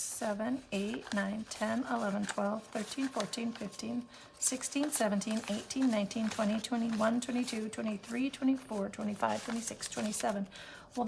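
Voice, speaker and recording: A woman counts bills out loud for her budgeting vlog, her voice slipping into gravelly fry as she goes. She murmurs numbers softly and adds self-deprecating comments, over a faint hiss of background noise. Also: on the high side. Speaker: budgeting vlogger. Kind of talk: casual cash-stuffing vlog.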